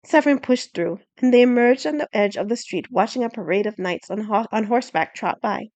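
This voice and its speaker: A woman narrating an audiobook chapter in a quiet, gentle reading voice. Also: fairly high pitch, a little fast, no room sound, highs cut off.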